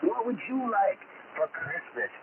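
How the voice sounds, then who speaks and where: A man's voice: high-pitched, sing-song, measured pace. A man playing jolly old Santa over ham radio. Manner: exclaims "oh boy" often, laughs warmly. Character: jolly old Santa Claus chatting with kids. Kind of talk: radio character play for children. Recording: noisy tinny ham radio transmission.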